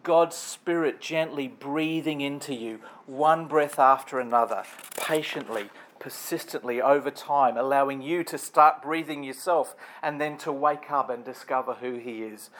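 A man's voice: mid-range voice, unhurried, fairly bright tone. A man preaching a sermon in a conversational, storytelling way, building emphatic lists.

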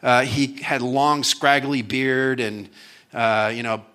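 A man's voice: medium pitch, steady tone, slow, pushed and bright, smooth. A man speaking at a conference, casually and jokily retelling a Bible story, with many fillers. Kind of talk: storytelling sermon.

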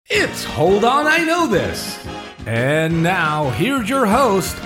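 A man playing a showy game-show announcer who rolls out his words slowly with big swoops in pitch. Theatrical and a bit forgetful, he speaks over a music bed. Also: big pitch swings. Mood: grandiose. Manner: theatrical, forgetful, self-correcting. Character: grand showman announcer, adult man. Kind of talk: mock game-show intro.

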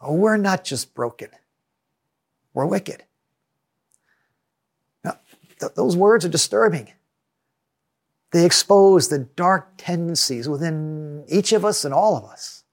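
A male pastor delivers a sermon in a measured, earnest way. His voice sits a little higher than most men's. He slows down to stress key words. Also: lively intonation. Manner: measured, earnest preaching with reading aloud from scripture.

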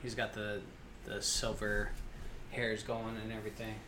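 A man's voice: on the low side, monotone, measured pace, pushed and bright. A man co-hosting a podcast in casual, teasing chat. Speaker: podcast co-host.

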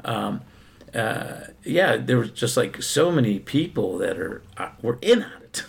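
A man's voice: on the low side, big pitch swings, unhurried, vocal fry, breathy edge. A man co-hosting a casual political chat, talking hesitantly with many fillers and restarts.

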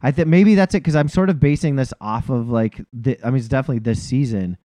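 A man's voice: mid-range voice, fast talker, warm tone, dry recording. A man in his forties chatting casually as a podcast co-host. His talk rambles, full of fillers and chuckles. The recording is dry and close, with no room sound. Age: 40s. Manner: rambling, heavy on fillers and laughs. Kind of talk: casual sports chat.

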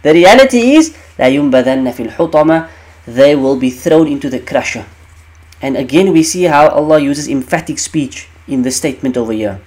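A man's voice: a little high, big pitch swings, moderate pace, a little mellow. Emphatic male Quran teacher. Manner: emphatic, repeats key phrases, asks rhetorical questions. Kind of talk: explaining Quranic verses.

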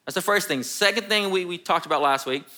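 A man's voice: high-pitched, fast, sharp tone. A young man, a college and young adult pastor, preaching a sermon in a chatty, friendly way and often tagging lines with "right?". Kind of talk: sermon with personal story. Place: church sanctuary.

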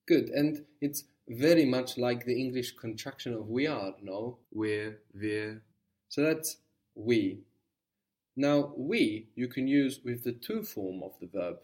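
A man's voice: mid-range voice, animated, takes it slowly, a little mellow, recorded from a distance. A man teaching an audio language lesson, patiently prompting a student and repeating the answers.

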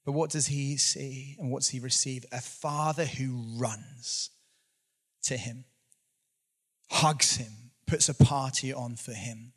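A man's voice: mid-range voice, fairly even intonation, takes it slowly, slightly rough. A man, preaching a conversational sermon with earnest storytelling and some self-deprecating humor.

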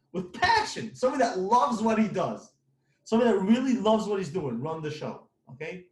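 A man's voice: high-pitched, roomy sound. A man who runs a construction company giving blunt, emphatic business advice, repeating his points.

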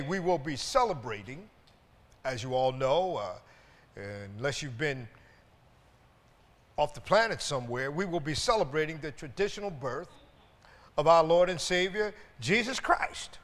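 A high-pitched male pastor preaching to his congregation, calling out hallelujahs and asking the room to answer back. He stumbles over repeated words as he builds his points. His voice rings through the long reverb of a church sanctuary. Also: expressive, unhurried, long pauses, fairly bright tone. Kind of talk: sermon.

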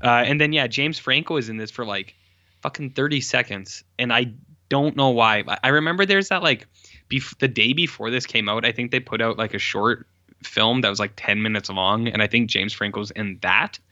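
Bright-voiced rambling man in casual chat. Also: mid-range voice, moderate pace, dry recording, muffled recording. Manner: rambling, lots of "like" fillers and self-corrections. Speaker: podcast co-host reviewing films.

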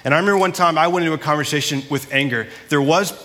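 Guy pastor giving a sermon, kinda high bright voice, chatty and earnest, big echoey church hall. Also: very fast. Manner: earnest, conversational preaching. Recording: long hall reverb.

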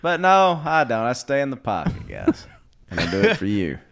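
Brief: wry male co-host, mock-solemn, lively pitch. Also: normal speed. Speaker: podcast co-host. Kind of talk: casual comedy podcast banter.

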